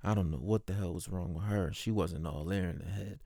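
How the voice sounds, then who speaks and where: A man's voice: sits low, steady tone, a little fast, warm tone, dry recording, clean studio sound. A man who works as a postal clerk, casually telling stories from his workday, swearing freely and mimicking the people he describes.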